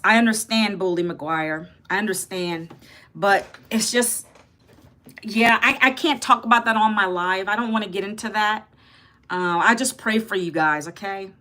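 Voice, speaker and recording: A woman's voice: mid-range voice, bright, forceful tone. A woman in her fifties from Northern Virginia, hosting a casual livestream, chatting with viewers and answering their comments. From Northern Virginia, United States. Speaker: livestream host. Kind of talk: casual livestream talk, reading chat.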